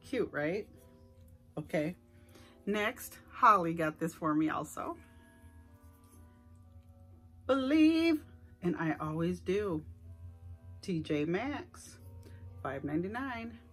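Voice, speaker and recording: Chatty husky-voiced woman showing off a haul. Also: lowish voice, animated, slow pace, pauses often, a bit bright, faint music behind. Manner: chatty and enthusiastic, addresses viewers directly. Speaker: vlogger showing a shopping haul. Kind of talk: casual haul vlog chat. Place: at home indoors.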